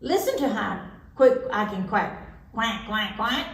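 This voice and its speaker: A woman's voice: a little high, big pitch swings, a little slow, reverberant, far from the mic. A woman voicing a chatty, matter-of-fact female duck in a children's story. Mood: proud.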